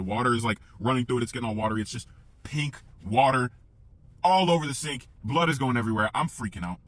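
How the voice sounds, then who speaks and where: A young man telling a personal story in a casual, profane, animated way, acting out the sounds as he goes. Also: mid-range voice.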